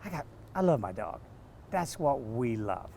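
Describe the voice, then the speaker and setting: A man, a dog trainer, telling stories in an interview, animated and acting out quotes. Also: mid-range voice, measured pace, creaky, slight background noise. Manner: animated, acts out quotes with laughs. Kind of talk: storytelling interview answers.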